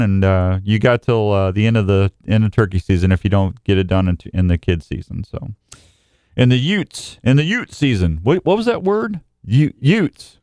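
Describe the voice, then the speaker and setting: A rambling, jokey radio host. The man talks in a casual chat to listeners, his voice smooth and clear. The sound is dry and close. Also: medium pitch, darkish tone, no room sound.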